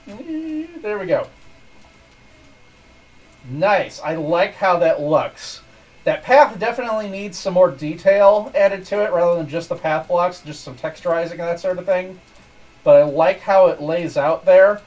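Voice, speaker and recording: A man's voice: sits high, measured pace, darkish tone, far from the mic, low-quality recording. A man streaming, giving easygoing, rambling commentary over his game from his desk at home. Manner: easygoing, rambling with small restarts. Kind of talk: casual gameplay commentary. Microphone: desk microphone.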